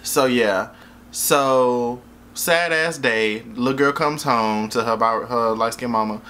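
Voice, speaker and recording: A man's voice: mid-range voice, unhurried, bright, forceful tone. A man casually reviewing a movie in a rambling, jokey, profane way, often losing track of names.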